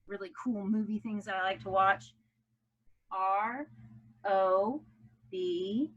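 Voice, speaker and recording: Woman teacher, bright and forceful, leading young kids through a phonics lesson on dull lo-fi home audio. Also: mid-range voice. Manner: upbeat, coaxing children to chant along.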